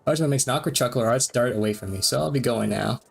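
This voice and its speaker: A man streaming a game, reading its dialogue aloud between quick reactions and frequent laughs. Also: medium pitch, vocal fry, faint music behind. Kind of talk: let's-play commentary reading game text aloud.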